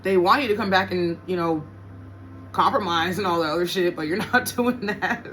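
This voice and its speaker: A woman's voice: fairly low pitch, moderate pace, fairly bright tone, a little hiss or hum. A woman giving a casual tarot reading to her viewers, blunt and profane, often repeating her points for emphasis. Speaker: tarot reader.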